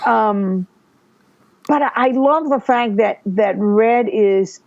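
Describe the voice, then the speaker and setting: High, gravelly-voiced woman podcaster. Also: slow, a little mellow, no echo, muffled recording. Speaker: podcast co-host. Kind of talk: casual chat.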